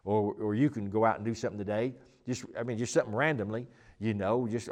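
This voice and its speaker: A man's voice: fairly low pitch, quick pace, few pauses, a little mellow. A man teaching the Bible in a loose, conversational way. He rambles and restarts often, then leans hard on the points he wants to stress. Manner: rambling, emphatic, many restarts and fillers. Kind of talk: informal Bible teaching chat.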